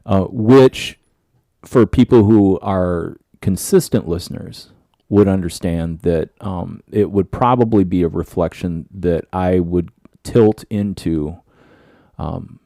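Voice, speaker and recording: A man co-hosting a podcast speaks in a low, mellow voice that sounds tired and scratchy. He rambles through casual chat and restarts his sentences often. The recording is close and dry. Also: takes it slowly, gravelly, dry recording. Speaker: podcast co-host.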